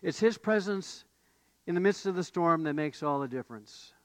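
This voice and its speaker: A man's voice: fairly high pitch, expressive, moderate pace, no room sound. A man preaching a sermon as pastor, telling stories and building to emphatic questions. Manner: storytelling, rising to emphatic questions.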